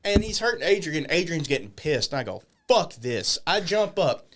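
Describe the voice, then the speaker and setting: Guest wrestler, male, slightly high voice that swings widely, profane podcast storyteller. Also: sing-song, fairly quick, fairly bright tone. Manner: profane, acts out quoted voices. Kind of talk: animated storytelling. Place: podcast studio.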